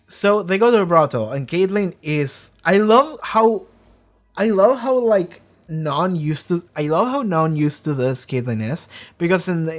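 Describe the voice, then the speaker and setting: A show reviewer who talks in a casual, rambling way, gets excited and swears a lot while breaking down an episode. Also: medium pitch. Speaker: video reaction reviewer.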